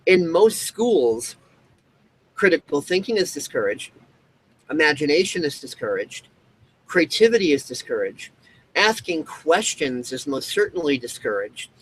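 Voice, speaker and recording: A man's voice: fairly high pitch, fairly bright tone, low-quality recording. A man hosting a show, ranting in a rambling monologue full of fillers and restarts. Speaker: show host.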